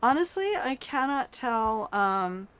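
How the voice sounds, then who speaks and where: A woman's voice: on the high side, animated, slow pace, a bit bright, smooth. An older woman giving chatty, playful live-stream commentary while playing a game, joking at her own expense and talking to her viewers. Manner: playful, chatty, self-mocking trash talk; talks to chat and the game character.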